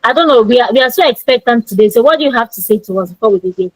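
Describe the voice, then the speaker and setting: A woman's voice: on the high side, animated, rapid-fire, poor audio. Woman hosting an online event. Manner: formal, reads an introduction. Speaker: host. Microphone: video call.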